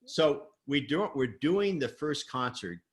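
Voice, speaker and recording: A middle-aged man, a performance coach, telling a story in a podcast interview, animated and acting out quoted voices. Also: mid-range voice, slow. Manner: animated, acts out quoted voices, laughs often.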